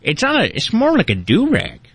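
A man co-hosting a comedy show, trading improvised banter with excitable, mock-angry outbursts. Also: high voice, a little fast, gravelly, breathy edge, no echo.

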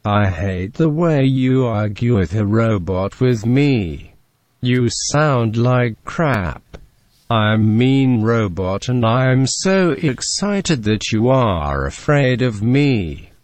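A man's voice: medium pitch, expressive, slow pace, darkish tone, dry recording. A rude male robot, text-to-speech.

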